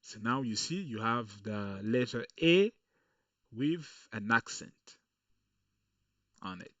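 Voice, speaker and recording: Slow, patient male coding instructor. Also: medium pitch, animated, fairly bright tone, no echo, distant mic, highs cut off. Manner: slow, patient explaining with frequent "okay" and "uh". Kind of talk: screen-recorded coding lesson.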